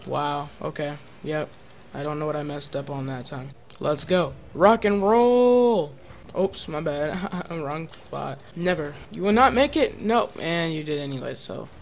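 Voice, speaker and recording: A man giving excitable gaming commentary, trash-talking his teammates with sudden loud yelps. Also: on the high side, vocal fry. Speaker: gaming channel host.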